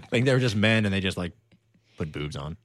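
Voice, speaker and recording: A man's voice: deep voice, no room sound, studio quality. A man co-hosting a podcast in casual chat, laughing often and telling stories with bursts of silly voices. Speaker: podcast co-host.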